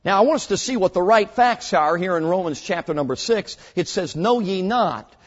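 A man preaching a sermon to young people, earnest and emphatic, slowing down to stress key words and telling stories with short acted voices. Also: high-pitched, animated. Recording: muffled, long hall reverb.

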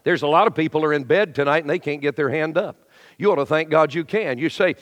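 A middle-aged male pastor preaching a lively sermon in a church, acting out the voices of complainers and shifting to quiet storytelling. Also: fairly high pitch, fast talker. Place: church sanctuary. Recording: long hall reverb.

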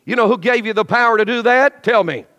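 A middle-aged man preaches from the pulpit in a high, ringing voice, swinging from animated exhortation to hushed, intimate storytelling. He mimics grumbling churchgoers as he goes. His words trail off into the long reverb of a large sanctuary. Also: quick pace, highs cut off. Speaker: pastor. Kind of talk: sermon.

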